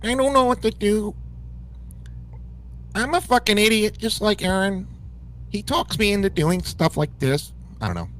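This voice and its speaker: A man's voice: high-pitched, lively intonation, moderate pace, pauses often, fairly bright tone, a little hiss or hum, poor audio. A man streaming online, talking in a resigned, mumbling way in a played clip. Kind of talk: livestream clip.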